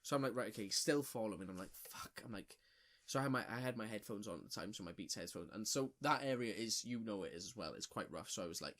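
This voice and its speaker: A man's voice: fairly low pitch, lively intonation, fast, a bit bright. A young man, co-hosting a podcast and telling a story in a loose, sweary way full of fillers and restarts. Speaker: podcast co-host. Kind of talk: casual storytelling chat.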